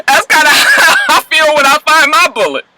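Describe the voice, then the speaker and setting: A woman's voice: high-pitched, very noisy. A woman casually recapping TV episodes, acting out the characters with put-on voices, laughing and swearing as she tells it. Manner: animated storyteller, acts out characters, laughs often, swears. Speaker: vlogger recapping TV shows.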